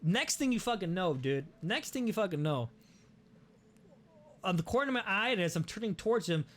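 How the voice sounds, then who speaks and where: A young man hosting a podcast, telling a story in a casual, animated way, swearing often and restarting his sentences. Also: sits high, a little fast. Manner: animated, profane, many restarts. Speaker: podcast host.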